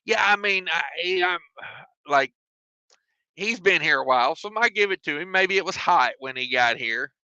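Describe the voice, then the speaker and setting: A man's voice: on the high side, animated, moderate pace, bright, forceful tone, clear, resonant tone, no echo, lo-fi sound. A man, a trucker chatting on his live stream from his truck cab and reading out viewer comments with jokes. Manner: drawling, joking, self-mocking.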